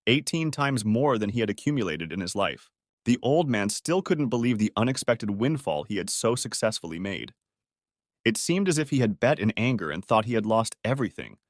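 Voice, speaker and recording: A man narrating a comic story recap in a steady, even reading of reported speech. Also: medium pitch, dry recording, studio quality.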